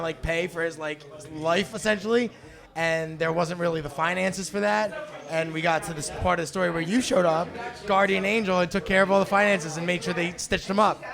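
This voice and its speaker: A man's voice: high voice, a little fast, vocal fry. A man hosting a live stream show, chatting casually and easygoing with his guest. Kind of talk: casual interview chat. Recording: loud party crowd behind. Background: lively party crowd.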